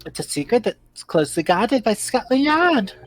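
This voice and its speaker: A woman's voice: a little high, sing-song, normal speed, faint music behind. Female museum owner, poised and formal, voiced by a woman. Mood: composed. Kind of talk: voicing game dialogue.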